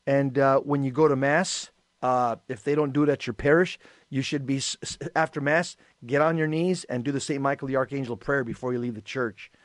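A man co-hosting a talk show, telling stories in a lively way and acting out the voices of the people in them. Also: medium pitch, brisk, no room sound, clean studio sound. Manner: animated storyteller, acts out quoted voices. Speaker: co-host. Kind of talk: casual radio talk, storytelling.

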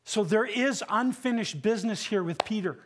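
A man delivers a sermon as pastor, his voice sitting a little high for a man. He preaches earnestly and with emphasis, poses rhetorical questions, and sinks low and quiet for the solemn moments. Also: normal speed, noisy background.

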